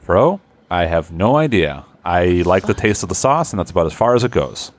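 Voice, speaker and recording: Laid-back man, very low voice, casual podcast banter. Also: sing-song, moderate pace. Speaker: podcast co-host. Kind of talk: casual chat.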